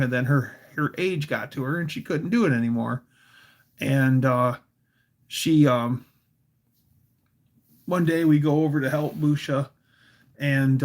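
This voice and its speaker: A man hosting a casual livestream, telling a story in a rambling way full of fillers and restarts. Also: medium pitch. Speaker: livestream host.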